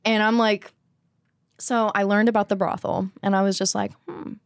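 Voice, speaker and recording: A woman's voice: mid-range voice, flat delivery, moderate pace, gravelly, smooth, no echo, studio quality. Frank, profane woman telling her story. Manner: frank, profane, acts out other voices. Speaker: podcast guest. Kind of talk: candid personal storytelling.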